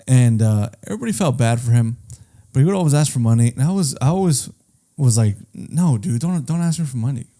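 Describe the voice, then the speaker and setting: Male podcast co-host, casual, curses a lot, animated pitch, storyteller. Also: brisk. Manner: rambling storyteller, swears often, acts out quoted friends. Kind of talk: casual chat.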